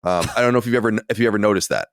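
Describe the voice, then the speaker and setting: A man in his late thirties or forties hosts a podcast from a home studio, chatting casually and self-deprecatingly. His fairly low voice moves very fast, and the clean studio audio has no echo.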